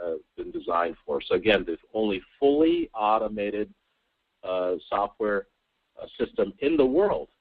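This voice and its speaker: A man with a low, deep voice delivers an eager sales pitch over a conference call. He keeps stressing his points and often trips over repeated words. The sound is thin and tinny, as though heard down a phone line. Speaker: sales presenter. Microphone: telephone on a conference call.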